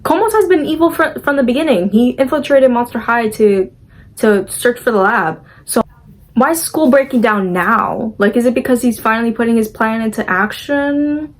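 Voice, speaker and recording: A young woman talks through a movie plot in a loose, chatty vlog voice. She fills her sentences with "like" and sprinkles in her opinions. Now and then she drops into quick impressions of the characters. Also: on the high side. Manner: chatty, full of "like" fillers, opinionated. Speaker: movie recap vlogger. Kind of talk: casual movie recap.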